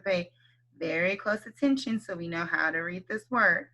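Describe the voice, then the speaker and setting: A woman teaching a kindergarten phonics lesson, speaking slowly and clearly, encouraging the children and stretching out letter sounds. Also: medium pitch, animated, bright, forceful tone.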